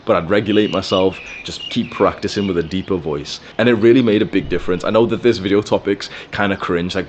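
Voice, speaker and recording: Very deep-voiced young man, blunt and profane. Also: fast, hardly any pauses, a little hiss or hum. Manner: blunt and profane, with frequent fillers. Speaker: self-improvement creator. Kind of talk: casual advice monologue.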